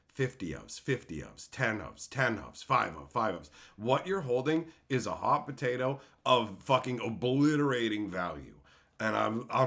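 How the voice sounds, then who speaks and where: A man hosting a casual livestream, chatting with viewers in a blunt, animated way, swearing freely and breaking into loud outbursts. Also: mid-range voice. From Canada. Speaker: streamer host.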